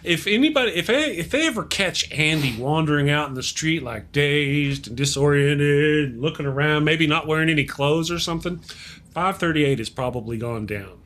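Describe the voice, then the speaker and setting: Man, higher-pitched voice, live-stream host, casual chat, self-deprecating jokes, faint background hiss. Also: animated, normal speed, fairly bright tone. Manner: self-mocking jokey banter. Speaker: show host.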